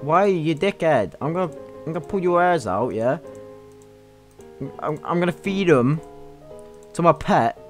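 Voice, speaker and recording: A man's voice: a little high, lively intonation, normal speed, pauses often, soft background music. A young man giving crude, swear-filled gameplay commentary as a YouTube gamer, mocking the game as he plays. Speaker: gaming YouTuber.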